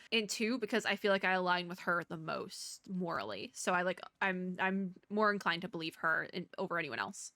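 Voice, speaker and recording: A young woman streams a game, reading its story and rambling casually, laughing often and using lots of fillers. Her fairly low voice is pushed and bright, at a moderate pace with hardly any pauses. The audio is clean studio sound with no room sound.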